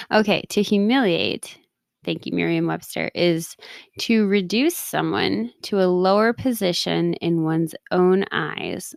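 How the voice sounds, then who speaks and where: With a creaky voice on the low side, this thirty-something coach and podcast host shares casual personal talk and keeps laughing at herself. The studio recording is clean and free of echo.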